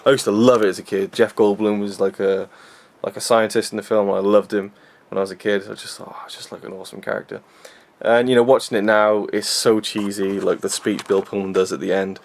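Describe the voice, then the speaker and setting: A man's voice: fairly low pitch, little pitch movement, fairly quick, a little mellow. A young man reviewing a film in a rambling, self-deprecating casual chat with lots of fillers.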